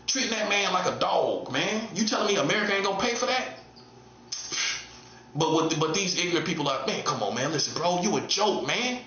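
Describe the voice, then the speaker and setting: A man in his late forties delivering a taunting monologue, full of repeated mocking questions, jumping between a high teasing tone and a low growl. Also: lively intonation, a little fast, sharp tone, echoey room, dull audio. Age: 40s. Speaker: self-styled prophet streamer.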